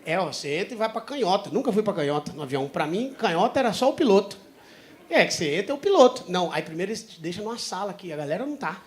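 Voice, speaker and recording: A man with a Brazilian Portuguese accent doing stand-up, telling a loud, profane story. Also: high voice, sing-song, racing. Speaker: stand-up comedian.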